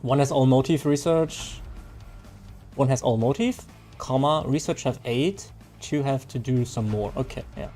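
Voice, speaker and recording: Warm in tone and unhurried, this man's medium-pitched voice carries a German accent from his native language. Streaming a game, he casually answers his viewers out loud, often starting over mid-sentence, as faint music plays behind him.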